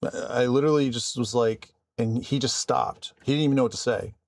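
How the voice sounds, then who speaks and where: A man vlogging casually about his work, calm and conversational with frequent restarts. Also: medium pitch, brisk, creaky. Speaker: vlogger and IT support worker. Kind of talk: casual storytelling to camera.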